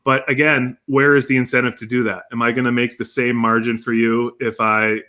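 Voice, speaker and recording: Guy explaining marketing stuff, bright clear voice, fluent. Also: mid-range voice, little pitch movement, brisk. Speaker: marketing guest. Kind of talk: explanatory interview talk.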